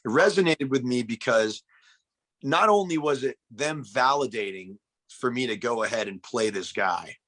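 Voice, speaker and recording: A man speaks in an interview, earnest and reflective, circling back and restarting as he thinks aloud. His voice sits at an ordinary middle pitch for a man. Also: expressive, moderate pace, a bit bright. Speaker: actor in the film. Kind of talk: casual interview talk.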